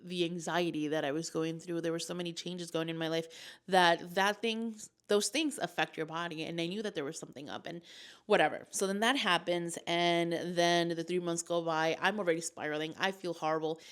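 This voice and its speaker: A woman's voice: fairly low pitch, fairly even intonation, brisk, clear, resonant tone. A young woman vlogger telling a personal story in a casual, emotional, rambling way with lots of fillers.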